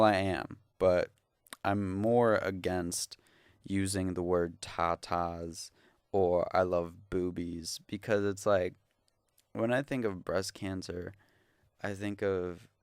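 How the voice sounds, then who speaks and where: A man's voice: deep voice, smooth, dry recording, studio quality. A young man ranting into the camera, exasperated, sarcastic and profane in a casual vlog. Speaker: vlogger.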